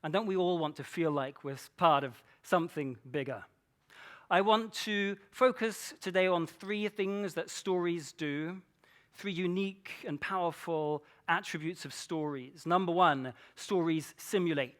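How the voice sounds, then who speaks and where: A man with a notably high voice gives a conference keynote from a stage mic. He speaks with playful energy and keeps the audience involved through rhetorical questions. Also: measured pace, a bit bright. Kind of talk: conference talk.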